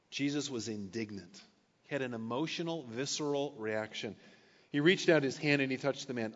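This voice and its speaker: Pastor in an echoey hall. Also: male voice, mid-range voice, moderate pace. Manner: conversational asides between scripture readings. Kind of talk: sermon. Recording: echoey hall, dull lo-fi sound.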